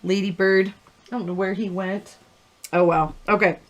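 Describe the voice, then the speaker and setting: A woman's voice: medium pitch, steady tone, unhurried, muffled recording. A middle-aged woman hosting a live card-making tutorial, chatty and rambling, laughing at her own stories as she works. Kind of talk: live-stream crafting tutorial.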